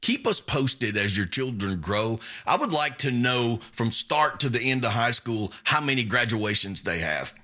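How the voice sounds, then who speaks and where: A man's voice: mid-range voice, very animated, moderate pace, few pauses, bright, forceful tone. A man hosting a radio show, joking and teasing his guest in casual banter. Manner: wisecracking, teasing. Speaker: radio host.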